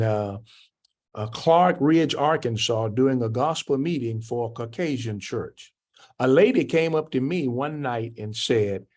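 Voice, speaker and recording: Older male preacher, teaching voice that jumps up in pitch for quoted speakers. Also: darkish tone. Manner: answers written questions from the class. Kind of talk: church coaching class.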